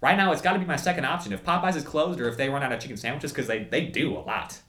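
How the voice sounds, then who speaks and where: Fast-talking young man, rambling food review. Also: medium pitch, bright, forceful tone, roomy sound. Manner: rambling, many fillers and restarts, laughs at himself. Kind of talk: casual chat, food review.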